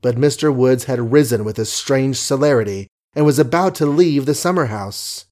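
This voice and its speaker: Measured male audiobook narrator. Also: mid-range voice, darkish tone. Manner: measured, wry and ornate storytelling. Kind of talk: scripted narration of a novel.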